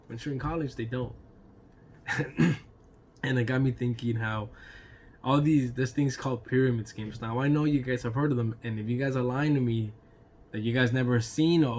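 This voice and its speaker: A man with a mid-range, darkish voice spins a casual storytime vlog as a YouTube storyteller. Loose and chatty, he laughs between lines, swears now and then, and keeps saying "you know" and "right?".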